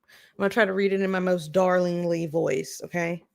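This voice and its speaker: Brief: woman streamer with a gravelly edge, chatty commentary host reading letters aloud. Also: on the low side, steady tone, normal speed. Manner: chatty, reads letters then questions them directly.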